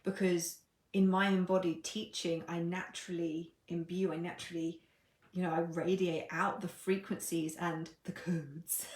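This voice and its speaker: A woman with a somewhat low voice hosts a casual live stream as a coach, playful and irreverent, laughing at herself and swearing freely. Her voice carries a noticeable echo from the room around her. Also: steady tone, normal speed. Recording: echoey room.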